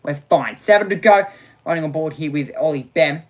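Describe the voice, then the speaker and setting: A man's voice: fairly high pitch, a little fast. A man hosting a live motorsport watch-along, talking to his viewers in a sarcastic, exasperated way and muttering to himself.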